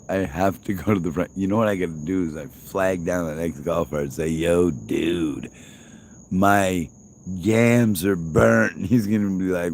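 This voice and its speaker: A man's voice: sits low, a little mellow, rough recording. A man hosting a livestream in rambling casual chat, joking and teasing with frequent laughter. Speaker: livestream host.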